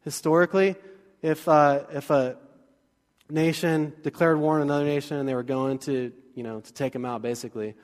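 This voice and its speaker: A fairly high-voiced man preaching a sermon in a church sanctuary. He keeps it casual and joking, then builds into energetic bursts. His voice carries a long, ringing church reverb. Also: a little fast. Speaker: pastor.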